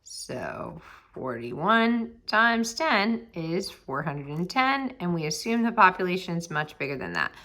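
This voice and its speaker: A woman's voice: lowish voice, sing-song, takes it slowly, pushed and bright. A woman teaching a recorded statistics lesson, reading numbers aloud and talking herself through each step, chatty and upbeat with her students. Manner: talks to herself while working, reads numbers aloud, murmurs some under her breath.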